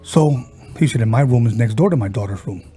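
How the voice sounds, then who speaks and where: Faint music sits behind a male podcast host as he settles into an offhand ghost story. His warm, dark, mid-range voice is expressive, but he stumbles, restarts often and uses fillers while alternating between narration and quotes from his friend.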